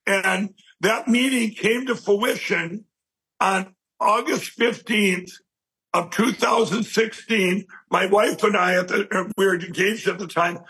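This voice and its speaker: A man being interviewed, telling a long personal story in a rambling, animated way and acting out what people said. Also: high voice, unhurried, husky, rough recording. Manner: animated, rambling storyteller who acts out quoted speech. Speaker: interview guest.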